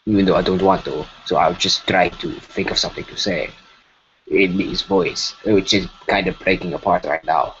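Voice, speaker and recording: This man talks at a moderate pace in a low register with fairly even intonation, chatting loosely as he animates during a live stream. He wanders off track, stammers, and keeps starting over. Faint noise sits under the dull, lo-fi stream sound.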